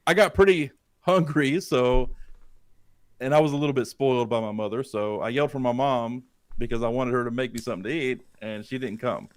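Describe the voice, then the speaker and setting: Speaking fairly quickly with no echo, a man of medium pitch shares an eerie story from his own experience as a podcast co-host, using a studio dynamic mic. He curses a lot and poses questions to listeners to heighten the suspense.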